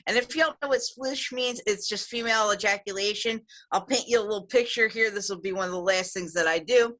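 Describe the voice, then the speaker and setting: Over a video call, an American woman performs a frank, raunchy stand-up set, delivering crude jokes boldly and deadpan. She speaks in a mid-range voice, a little fast.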